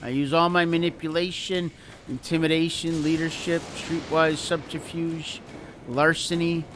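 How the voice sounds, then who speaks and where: A man's voice: fairly high pitch, flat delivery, a little slow, a bit bright, a little hiss or hum. A man playing in a tabletop horror game, chatting casually in a drawling way. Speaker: player. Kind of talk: casual game chat over voice call.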